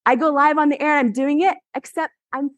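A woman in her forties delivers a motivational keynote from a stage, and her voice sits somewhat high. She tells stories animatedly and laughs often. The sound is dry and close. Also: fairly even intonation, a little fast, no echo. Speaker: keynote speaker. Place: event stage.

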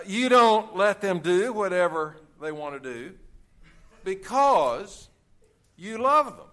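A man's voice: high voice, fairly bright tone. A man preaching a sermon in a folksy, joking way, with frequent filler sounds as he talks. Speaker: pastor.

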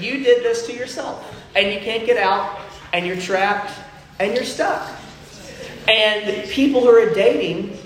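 Young guy giving a sermon, kinda high voice, chatty with lots of ums, echoey room, faint hum behind. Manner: casual storytelling with many fillers. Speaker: preacher.

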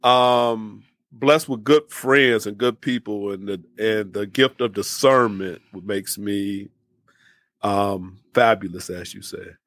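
A man's voice: on the low side, takes it slowly, no room sound. A man who is a guest on a podcast, chatting in a friendly way, often laughing and restarting his sentences. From Michigan. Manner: warm, laughing, stammers and restarts. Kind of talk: casual interview chat.

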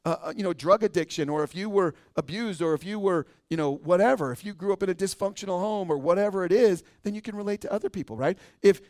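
An American man, a pastor, preaching a conversational sermon and often ending points with a quick "right?". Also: sits high, darkish tone, dry recording, studio quality. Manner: conversational preaching, frequent tag question "right?".

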